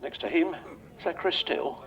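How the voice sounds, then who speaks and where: An older English man announcing riders and calling a grasstrack race over a loudspeaker at an outdoor track, chatty and joking with the riders. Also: a little high, moderate pace, vocal fry. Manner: chatty, jokey, banters with riders. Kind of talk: live grasstrack commentary over a PA. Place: outdoor racetrack. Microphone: public address microphone. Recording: dull lo-fi outdoor recording.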